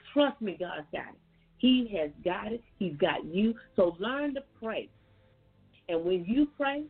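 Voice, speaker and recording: A woman's voice: fairly high pitch, slightly rough. A woman gives a folksy, preachy faith testimony as a guest on a call-in show, talking straight to her listeners. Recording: tinny phone line with faint music.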